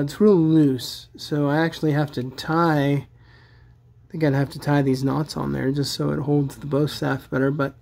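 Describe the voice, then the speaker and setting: Casual vlogger reviewing collectibles, chatty and eager, mid pitch. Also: dark tone. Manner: chatty and enthusiastic, many fillers. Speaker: toy collector reviewing action figures. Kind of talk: casual product review vlog.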